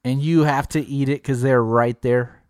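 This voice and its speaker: A man's voice: medium pitch, moderate pace, clear, resonant tone, no echo, clean studio sound. A man co-hosting a podcast, brash and teasing, swearing freely while he tells stories. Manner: brash, profane, teasing, animated storyteller. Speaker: podcast co-host. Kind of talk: casual podcast banter.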